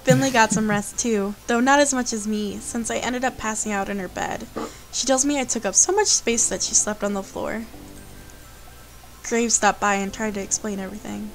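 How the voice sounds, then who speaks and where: A woman's voice: a little high, fairly even intonation, moderate pace, soft background music, poor audio. A woman hosting a let's play, reading a visual novel aloud and breaking off for playful, chatty asides.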